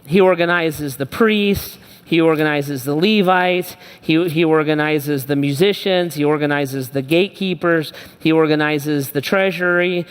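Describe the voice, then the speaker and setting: A man's voice: a little high, clean tone. Emphatic male pastor in an echoey church hall. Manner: conversational, emphatic, repeats phrases. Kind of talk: sermon. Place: church auditorium.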